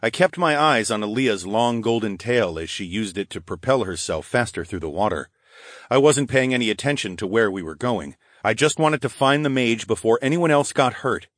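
A man narrating a first-person audiobook in steady, even storytelling from a close mic. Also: normal speed, no room sound. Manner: steady, even storytelling, voicing dialogue slightly higher.

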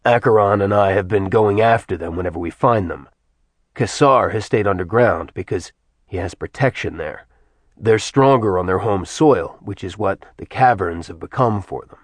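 A man voicing a tired, blunt former god in a low, plain voice. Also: moderate pace, no echo, natural voice. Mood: weary. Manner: dry, weary, blunt. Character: weary ancient male ex-god, gruff.

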